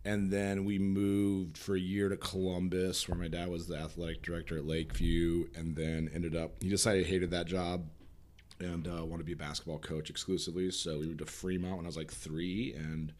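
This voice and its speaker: A man's voice: deep voice, little pitch movement, normal speed, a little mellow. A man from Nebraska, a film producer, chatting easily as a podcast guest with plenty of fillers. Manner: easygoing, chatty, lots of fillers. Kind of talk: casual interview conversation.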